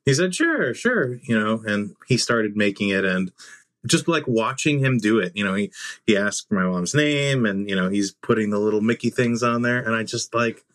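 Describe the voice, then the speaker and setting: A man co-hosting a podcast, telling stories in a relaxed, rambling way. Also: fairly low pitch, moderate pace. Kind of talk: casual chat.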